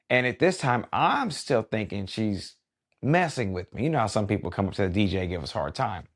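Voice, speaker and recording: Middle-aged man telling a story, slightly low voice. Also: a little fast. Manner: relaxed and conversational, many "you know" asides. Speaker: wedding DJ and podcast host. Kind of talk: casual storytelling podcast.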